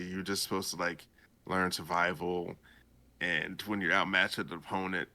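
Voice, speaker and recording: A man hosting a podcast, retelling a story in a casual, animated and jokey way. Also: deep voice, vocal fry. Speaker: podcast host.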